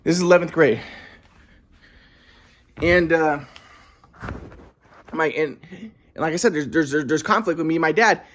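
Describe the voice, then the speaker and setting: A man's voice: fairly high pitch, unhurried, pauses often, fairly bright tone, a little hiss or hum. A man telling his own story in a rambling way, restarting sentences and repeating words. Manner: acts out quotes of others. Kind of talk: casual storytelling monologue.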